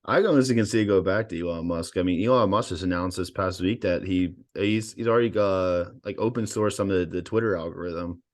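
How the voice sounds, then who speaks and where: Fast-talking low-voiced man. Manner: rambling, many fillers and restarts. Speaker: podcast co-host. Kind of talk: casual podcast chat.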